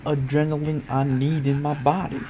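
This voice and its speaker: Man, gameplay commentary, foul-mouthed trash talk, sudden loud yells, somewhat high voice, noisy background hiss. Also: normal speed. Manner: profane trash talk at game enemies, sudden loud outbursts. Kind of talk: let's-play commentary. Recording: steady background noise.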